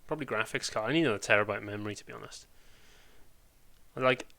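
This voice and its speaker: A man's voice: on the low side, fast, gravelly, bright, forceful tone. A man with a Welsh accent, chatting casually and rambling on a live stream, full of British slang.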